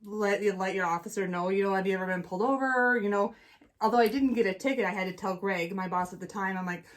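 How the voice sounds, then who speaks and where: A woman's voice: mid-range voice, fast talker. A middle-aged woman co-hosting a casual chat, telling a story with lots of acted-out voices. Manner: animated storyteller, acts out voices. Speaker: co-host.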